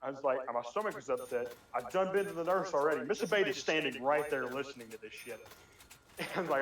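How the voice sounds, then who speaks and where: A young man telling a rambling story among friends in a casual chat, animated and swearing, often laughing. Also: medium pitch, fast talker. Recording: echoey room, distant mic.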